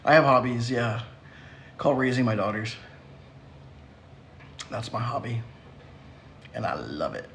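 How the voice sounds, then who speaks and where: A man's voice: mid-range voice, big pitch swings, unhurried, pauses often, a bit bright, slight background noise. A man hosting a casual livestream who answers viewer comments in a sassy, teasing way and laughs often. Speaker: livestream host.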